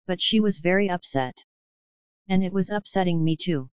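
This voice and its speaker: A woman narrating a novel in the first person, in a measured storytelling manner. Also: lowish voice, clear, resonant tone, no echo, dull audio. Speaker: audiobook narrator. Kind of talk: scripted audiobook narration.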